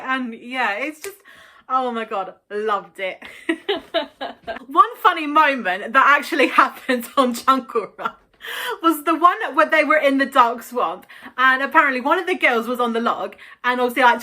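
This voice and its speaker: Bright, high-voiced giggly woman vlogger. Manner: chatty, giggly, many "like"s. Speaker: YouTuber. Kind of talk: casual vlog chat.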